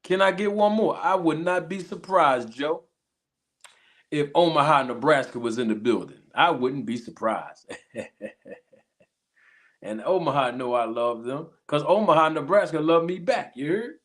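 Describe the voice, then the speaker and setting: A man's voice: on the high side, animated. Philly man hyping his livestream chat. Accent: Philadelphia. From Philadelphia. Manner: hype call-and-response shout-outs, drawn-out catchphrases. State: a little sick. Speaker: livestream host. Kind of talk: casual livestream chat greeting viewers.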